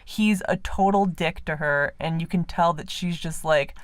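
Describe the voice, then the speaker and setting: A woman's voice: lowish voice, moderate pace, no echo. Woman podcast co-host, casual movie chat, chatty and emphatic, dry close recording.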